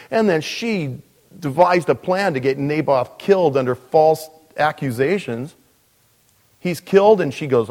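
A man, a pastor, preaching a sermon in a relaxed, joking way, with lots of asides. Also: mid-range voice, measured pace. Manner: conversational, joking, frequent "you know" asides. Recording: long reverb of a large hall.

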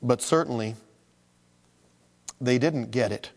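A man's voice: mid-range voice, slow, creaky, big-room sound. A man preaching a sermon, acting out the voices of people who complain about their troubles. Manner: animated, acts out voices of complainers. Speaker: pastor.

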